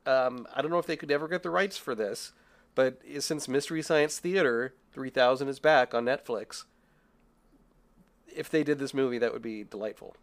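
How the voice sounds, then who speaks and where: In a casual film review chat, a young podcast co-host rambles self-deprecatingly with frequent laughter. His voice is medium-pitched and moderately paced.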